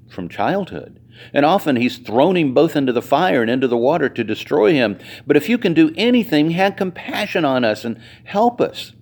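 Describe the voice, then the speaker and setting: A man's voice: medium pitch, darkish tone. A male pastor reading scripture aloud and preaching to his congregation, acting out the quoted voices and speaking directly to the listeners. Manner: conversational, addressing the congregation directly.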